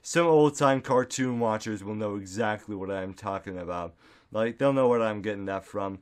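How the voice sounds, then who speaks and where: A man's voice: lowish voice, moderate pace. Goofy rambling man vlogging at a desk mic. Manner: goofy, rambling, lots of "like" fillers, sudden silly shouts. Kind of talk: casual rambling monologue. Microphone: desktop studio microphone.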